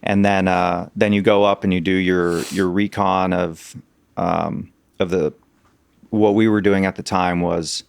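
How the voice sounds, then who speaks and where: Guy with a low gravelly voice, kinda halting, lots of ums, dry close sound. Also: little pitch movement, no room sound. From Arizona. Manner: hesitant, many fillers and restarts. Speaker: podcast guest, political consultant. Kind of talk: casual storytelling.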